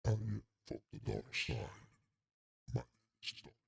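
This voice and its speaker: A man doing an impression of a menacing dark lord villain, slow and ominous. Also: lowish voice, very animated, vocal fry, exaggerated voice.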